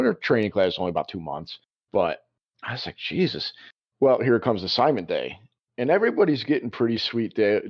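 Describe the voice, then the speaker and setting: A man co-hosting a podcast, telling a story in a casual, animated way with laughs. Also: low voice. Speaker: podcast co-host. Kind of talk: casual chat. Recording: dull lo-fi podcast audio.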